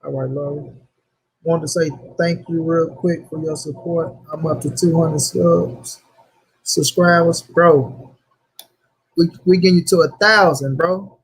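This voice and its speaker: A man's voice: fairly high pitch, fairly even intonation, a little slow, breathy edge. A young man hosting a casual livestream, talking loosely in slang and greeting viewers by name. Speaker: livestream host.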